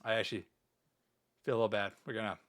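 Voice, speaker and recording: A man's voice: lowish voice, flat delivery, fast, heavy background noise. A man chatting casually on a livestream as a VTuber, playful and mock-grandiose, swearing often. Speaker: VTuber streamer.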